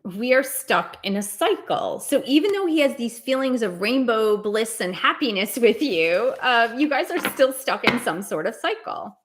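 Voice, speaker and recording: A woman's voice: a little high, big pitch swings, normal speed, hardly any pauses, fairly bright tone, slight background noise. A middle-aged woman doing live-stream tarot readings, talking in a chatty, valley-girl cadence. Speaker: tarot reader.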